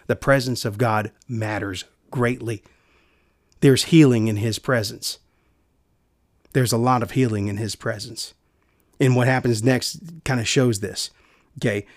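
A man's voice: medium pitch, dry recording. Earnest preacher man, dry close sound. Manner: earnest, repeats key phrases, drops to a hush for quiet lines. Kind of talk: sermon.

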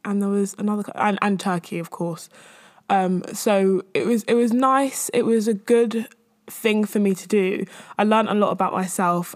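A woman, hosting a podcast and rambling casually about her week, a bit out of breath. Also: fairly low pitch. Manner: rambling and chatty, with frequent fillers and laughs. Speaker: podcast host. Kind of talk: casual solo chat.

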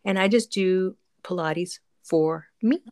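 A woman's voice: fairly low pitch, slow, a little mellow. A woman hosting a casual podcast chat, encouraging and chatty, with many fillers. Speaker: podcast host.

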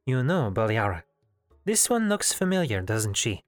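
A man voicing a young girl who rules as chieftain, calm and curious, in a lightly raised girlish voice. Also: mid-range voice, unhurried, no echo, faint music behind.

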